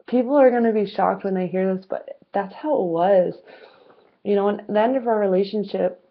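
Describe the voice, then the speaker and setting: A woman's voice: lowish voice, creaky. A young woman in her twenties, talking candidly to camera about her own life, with many fillers and restarts. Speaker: vlogger. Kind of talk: personal storytelling to camera. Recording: muffled, phone-like lo-fi sound.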